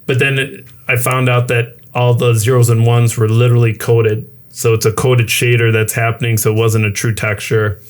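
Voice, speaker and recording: A man's voice: medium pitch, level tone, normal speed, few pauses. A man co-hosting a casual podcast chat, animatedly retelling his own reactions. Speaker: co-host, new media professor.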